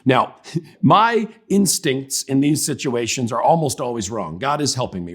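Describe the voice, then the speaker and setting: Brief: male speaker, mid-pitched, chatty and humorous, teaching parents. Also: big pitch swings, normal speed, breathy edge. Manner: conversational, humorous, acts out examples. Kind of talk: Christian parenting talk.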